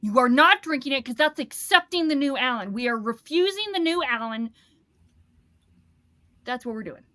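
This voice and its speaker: A woman in casual chat on a video call, loud, excitable and blunt. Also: high voice, normal speed, pauses often, no room sound, clean studio sound.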